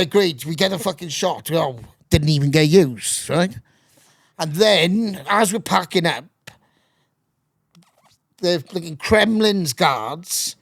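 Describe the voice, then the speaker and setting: A middle-aged man, a podcast guest, telling animated anecdotes and swearing constantly in casual storytelling. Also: high voice, vocal fry, no room sound, clean studio sound.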